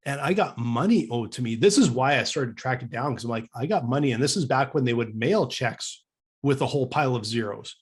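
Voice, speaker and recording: This Canadian man, co-hosting a podcast, has a medium-pitched voice with a breathy edge and talks a little fast. Telling a casual story, he acts out the quoted lines with animation, though he keeps restarting and stammering through repeats.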